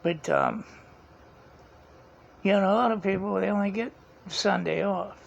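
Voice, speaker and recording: A man's voice: sits high, a little slow, gravelly. A man, telling a rambling story in a casual vlog, chuckling often and retelling conversations. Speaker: vlogger. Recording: dull lo-fi sound, faint background hiss.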